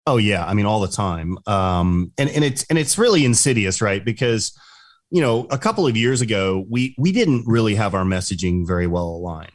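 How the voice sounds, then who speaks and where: Male business show co-host, low voice, dry close sound, fluent explainer. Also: lively intonation, moderate pace, no room sound. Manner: fluent, explanatory, frequent "right?" tags. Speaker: podcast co-host. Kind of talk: conversational business talk.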